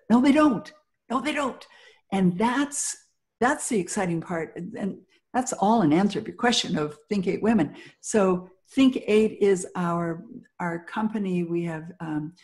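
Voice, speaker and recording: A woman's voice: lowish voice, mellow. A middle-aged woman speaking as a guest in an interview, giving motivational talk and acting out little quoted scenes as she tells stories. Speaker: guest, business founder.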